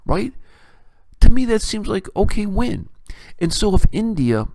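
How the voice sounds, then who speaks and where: Animated, sarcastic man ranting. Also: sits high, unhurried, creaky, no echo. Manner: animated, sarcastic, incredulous rants. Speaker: podcast host. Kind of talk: opinionated political commentary.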